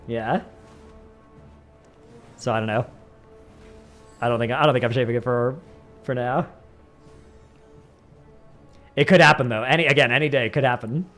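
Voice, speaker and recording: With soft music in the background, a man speaks at a moderate pace in a medium-pitched, fairly bright voice, pausing often. This Bay Area livestreamer has a Northern Californian accent and rambles casually to viewers, peppering his speech with "like."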